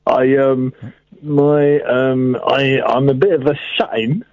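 A male caller to a phone-in show, hesitant and halting, full of ums, with a laid-back stoner drawl. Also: medium pitch, level tone, dry recording. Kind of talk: rambling phone-in call. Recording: muffled, dry phone line.

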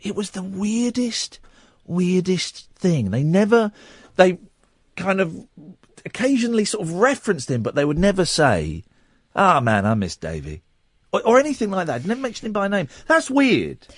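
Animated high-voiced English radio host. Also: male voice, moderate pace, no echo, studio quality. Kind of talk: late-night call-in radio chat. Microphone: studio microphone.

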